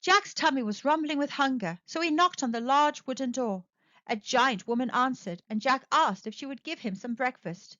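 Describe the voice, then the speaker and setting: A woman reading a picture book aloud to children, narrating with expressive, animated storytelling. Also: high voice, normal speed, no room sound, dull audio. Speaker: storyteller, channel host.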